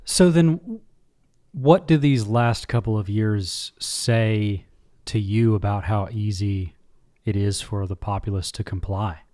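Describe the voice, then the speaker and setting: A man hosting a podcast, calmly summing up his guest's views and asking questions. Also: lowish voice. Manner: measured, sums up the guest's views. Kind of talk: interview questions.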